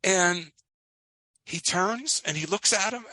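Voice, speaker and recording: Animated storytelling man, bright dry voice. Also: high-pitched, slow, dry recording. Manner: animated storyteller, frequent restarts and emphatic outbursts. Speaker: podcast co-host. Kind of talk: casual chat, retelling a film scene.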